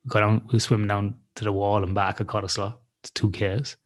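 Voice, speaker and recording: A man's voice: on the low side, level tone, fairly quick. A man telling a story in casual podcast chat, swearing freely and talking animatedly. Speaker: podcast co-host.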